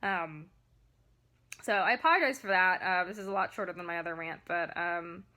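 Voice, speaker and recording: A young woman rants to her camera, her voice bright and a little tense. She vents with plenty of ums and restarts, frustrated and close to tears. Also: on the low side, moderate pace. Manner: frustrated, emphatic venting with many fillers. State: upset, near tears. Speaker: vlogger and photographer. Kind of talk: ranting vlog to camera.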